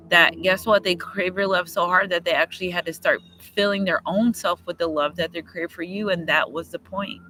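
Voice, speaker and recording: Bright high-voiced man doing chatty card readings. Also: a little hiss or hum, rough recording. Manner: chatty, repetitive, breaks into sung lyrics, gets emotional. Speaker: tarot reader. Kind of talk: casual livestream card reading. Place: outdoors near trees and a road.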